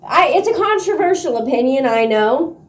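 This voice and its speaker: High-voiced woman, excitable slangy book vlogger, roomy echo on a phone mic. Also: normal speed. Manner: excitable, slangy, swears freely, laughs often. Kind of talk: casual reading vlog chat. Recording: echoey room on a phone mic.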